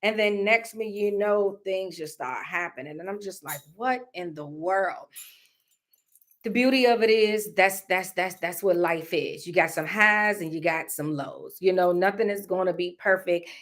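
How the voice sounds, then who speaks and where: A woman's voice: lowish voice, normal speed, a bit bright. A woman, talking to her viewers in a casual, reflective way about faith and feelings, often repeating her phrases. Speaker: vlogger. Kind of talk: casual personal vlog talk. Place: indoors at home.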